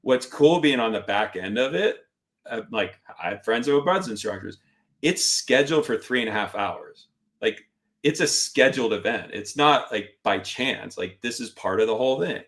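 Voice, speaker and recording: Appearing as a guest on a podcast, this middle-aged man speaks at normal speed in a mid-range voice. He narrates a story conversationally and with animation, voicing other people and quoting what the instructors said.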